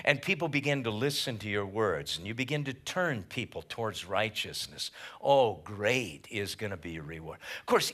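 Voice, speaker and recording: A pastor preaching a midweek Bible study sermon at church, emphatic and animated, mixing scripture with casual slang. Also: male voice, fairly low pitch.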